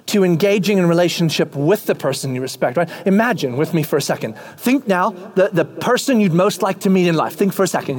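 A man preaching a sermon in an animated way, acting out little scenes with voices. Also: high voice. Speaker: pastor.

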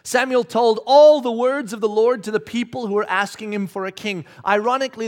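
A man preaching a sermon, reading scripture and shouting acted-out quotes with animated energy. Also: high-pitched. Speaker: pastor.

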